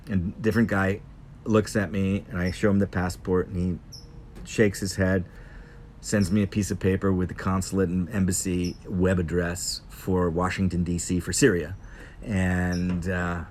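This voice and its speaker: A man casually telling a travel story as host, in an animated, rambling present-tense way. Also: fairly low pitch.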